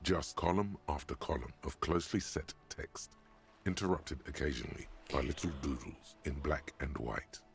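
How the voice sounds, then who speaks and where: A man voicing a wry, deadpan narrator in a detective video game, with a dry, sardonic delivery. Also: very deep voice, moderate pace, gravelly, soft background music, exaggerated voice.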